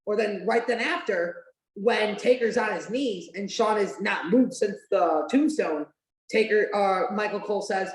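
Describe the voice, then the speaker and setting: A woman's voice: medium pitch, normal speed, a little mellow. A woman hosting a podcast, chatting casually and animatedly during a watch-along, with lots of "like" fillers and the odd swear. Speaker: podcast host. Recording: roomy echo.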